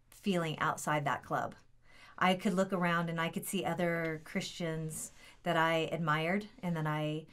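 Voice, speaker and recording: A woman giving a measured, thoughtful personal faith testimony in an interview. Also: on the low side, clear, resonant tone. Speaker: interview guest.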